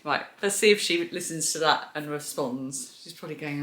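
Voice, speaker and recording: A woman's voice: deep voice, normal speed, fairly bright tone. A woman hosting a crochet and knitting podcast. She chats casually while showing yarn and laughs at her own poor memory. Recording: echoey room.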